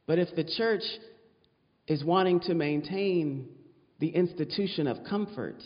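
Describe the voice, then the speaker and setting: A man's voice: fairly high pitch, measured pace. A man preaching a sermon as a pastor, dramatic and repeating words for effect. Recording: dull sound with long hall reverb.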